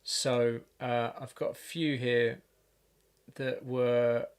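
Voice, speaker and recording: A man producing music on a livestream, talking casually and haltingly, thinking aloud with lots of fillers and restarts. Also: mid-range voice, flat delivery, smooth. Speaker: music producer streaming a session.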